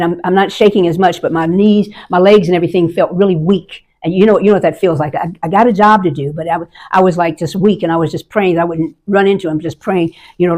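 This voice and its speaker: Brief: veteran woman in her 60s, lowish voice, candid and emotional storyteller. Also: darkish tone. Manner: candid, emotional, vivid recounting. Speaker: army veteran guest. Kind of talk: personal storytelling.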